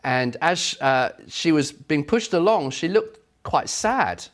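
An earnest man delivers a sermon with emphatic, storytelling conviction. His voice sits a touch high for a man, and he leans into key words to drive his points home. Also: animated, a little slow. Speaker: preacher.

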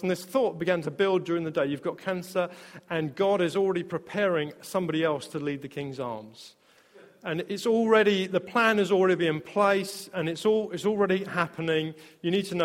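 A man preaching a sermon, telling personal stories in an animated way and laughing often. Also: high-pitched, long reverb tail. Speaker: pastor.

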